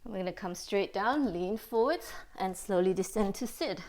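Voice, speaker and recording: A woman yoga teacher guiding a class through poses and breaths, calm and steady, a little out of breath. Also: medium pitch, moderate pace. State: slightly out of breath. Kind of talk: guided yoga class instruction.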